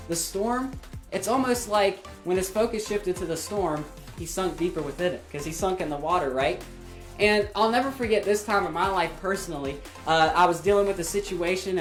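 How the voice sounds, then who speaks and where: A woman leading a children's ministry, retelling a Bible story to kids in an animated storytelling manner. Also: mid-range voice. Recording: roomy with faint music.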